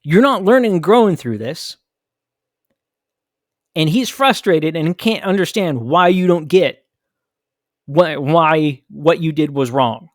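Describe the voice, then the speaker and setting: A man's voice: fairly high pitch, lively intonation, takes it slowly, pauses often, dry recording, clean studio sound. A man hosting a podcast, telling a candid, reflective story about his own childhood. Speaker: podcast host. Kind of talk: personal storytelling monologue.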